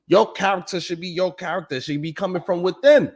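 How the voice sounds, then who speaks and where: A fast-talking man with a high voice hosts a live stream, delivering a blunt, profane, emphatic casual monologue. He keeps checking in with "you know what I'm saying."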